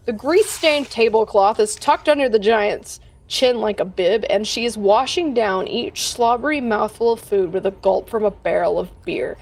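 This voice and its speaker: A woman's voice: medium pitch, moderate pace, hardly any pauses, a little mellow. A woman running a tabletop game as dungeon master, describing scenes in a casual way. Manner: casual descriptive narration with swearing.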